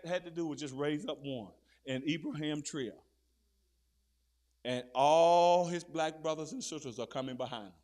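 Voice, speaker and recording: Preaching with fire, this man swings between quiet murmuring and loud shouting. He keeps addressing the crowd with repeated questions.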